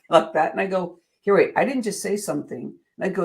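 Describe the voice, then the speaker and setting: A woman giving an earnest, expressive motivational talk as a coach, moving between soft, slow passages and lively emphatic ones. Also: mid-range voice, gravelly. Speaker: speaker and coach.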